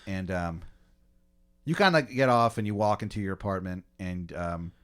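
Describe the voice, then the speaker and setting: A man's voice: deep voice, expressive, moderate pace, fairly bright tone, clear, resonant tone. A man hosting a comedy podcast, casually narrating an improvised scenario in second person with lots of fillers and swearing.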